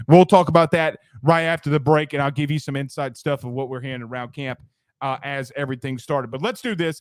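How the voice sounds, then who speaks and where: A man hosting a casual sports talk show, chatty and energetic, pitching sponsors and urging listeners to like and share. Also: fairly quick, smooth, no room sound, clean studio sound.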